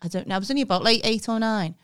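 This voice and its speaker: A woman's voice: mid-range voice, racing, clear, resonant tone. A woman in casual chat, telling rambling childhood stories with plenty of swearing. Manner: rambling anecdotal storytelling with swearing.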